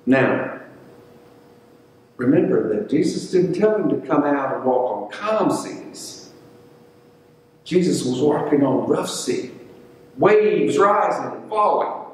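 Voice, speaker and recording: A man's voice: fairly high pitch, expressive, takes it slowly, pauses often. Man preaching in an echoey church. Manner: storytelling, acts out quoted voices. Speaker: pastor. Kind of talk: sermon. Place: church sanctuary. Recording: echoey church hall, mic at a distance.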